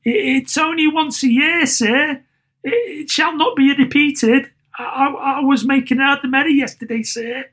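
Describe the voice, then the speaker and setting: A man's voice: extremely high pitch, moderate pace, a bit bright, voice pushed up. A man voicing a nervous, meek clerk who stammers and apologises, in a storybook reading. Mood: apologetic.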